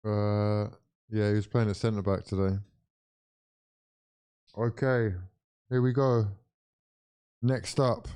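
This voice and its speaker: A young English man streaming a football watch-along, swearing freely and swinging between weary groans and loud outbursts of disbelief. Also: fairly low pitch, fairly even intonation, slow, pauses often, smooth. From England. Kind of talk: live football reaction commentary.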